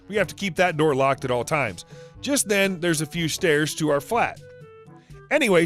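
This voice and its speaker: A man reading stories aloud in a brisk storytelling manner. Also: a little high, a bit bright. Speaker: story narrator. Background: faint music.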